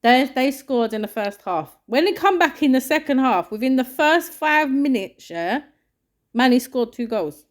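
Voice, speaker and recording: A woman chats on a podcast. Her voice sits a little high, and her pitch swings widely as she tells her story and acts out what people shouted and said. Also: expressive, moderate pace. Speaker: podcast co-host. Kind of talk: casual chat.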